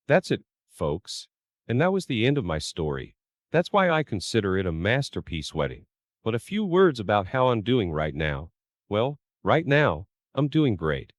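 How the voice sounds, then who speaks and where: Low, lively male storyteller voice. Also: normal speed, no room sound, studio quality. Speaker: narrator. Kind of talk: first-person story narration.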